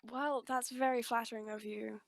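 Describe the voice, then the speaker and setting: A woman from England with a received pronunciation accent, chatting as a podcast guest with wry, deadpan humour. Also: a little high, moderate pace, creaky, no room sound. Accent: English received pronunciation. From England, Birmingham. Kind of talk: casual chat.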